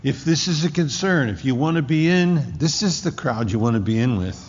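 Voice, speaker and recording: A man's voice: a little high, expressive, normal speed, a little mellow. A man preaching a sermon in a church, emphatic and repeating key words for weight. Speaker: pastor. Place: church sanctuary. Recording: dull lo-fi recording in a reverberant hall.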